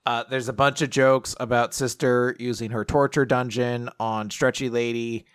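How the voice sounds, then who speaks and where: A man's voice: mid-range voice, flat delivery, normal speed, clean tone, no room sound, studio quality. A man casually recapping a manga with a co-host, sarcastic and often laughing, sometimes acting out lines. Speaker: podcast co-host.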